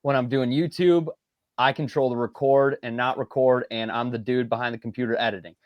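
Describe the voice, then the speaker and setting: A man's voice: mid-range voice, fairly even intonation, brisk, dry recording, highs cut off. A man co-hosting a podcast, telling a story with lots of energy, acting out quotes and laughing often. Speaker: podcast co-host. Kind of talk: casual podcast banter.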